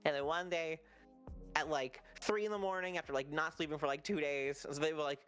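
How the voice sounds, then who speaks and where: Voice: mid-range voice, fairly even intonation, a little fast, a bit bright, faint music behind. A guest on a call telling a story casually and rambling, with lots of "like" and quoted asides. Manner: rambling, lots of "like" and self-quoting. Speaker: interview guest.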